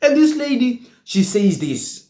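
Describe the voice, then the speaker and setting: A South African man with a fairly high voice delivers political commentary. He talks emphatically and with animation, repeating himself for effect. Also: unhurried, faint music behind. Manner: animated, emphatic, mimics others mockingly.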